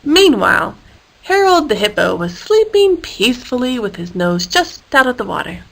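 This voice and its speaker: A woman reads a children's story aloud with an expressive, playful delivery. Her voice sits fairly high. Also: moderate pace, vocal fry, low-quality recording. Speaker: storybook reader.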